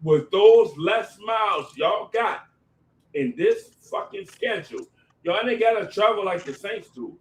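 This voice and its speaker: A man with a high-pitched, expressive voice argues heatedly on a sports debate panel, keeping a measured pace while cursing and repeating himself over the others. The recording sounds echoey and distant, as if from a room mic, with faint background noise.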